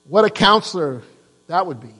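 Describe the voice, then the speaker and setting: A man's voice: high-pitched, lively intonation, moderate pace, bright, forceful tone. Man, pastor, sermon, asks the congregation questions, long reverb, faint hum. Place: church.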